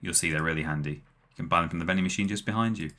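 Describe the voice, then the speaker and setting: A man's voice: low voice, racing, sharp tone. A man voicing a jovial male rhino mechanic in a video game with a put-on Jamaican accent and hearty salesman patter. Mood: salesy.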